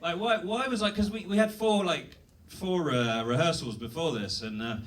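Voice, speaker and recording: A man's voice: on the high side, normal speed, recorded from a distance. A British man doing a self-deprecating stand-up set on a comedy club stage, rambling with fillers and restarts. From Britain.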